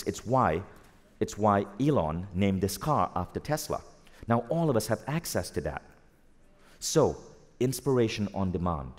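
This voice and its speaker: A man giving a live motivational talk to an audience, energetic and asking the crowd questions. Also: lowish voice. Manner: energetic, asks the audience questions, acts out quoted voices. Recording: long hall reverb.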